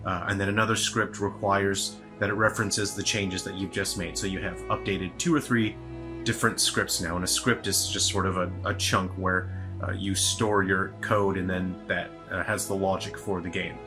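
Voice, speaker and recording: A man's voice: low-pitched, flat delivery, normal speed, over music. A man giving a rambling, casual video update as a solo game developer, sounding tired, with many fillers and restarts.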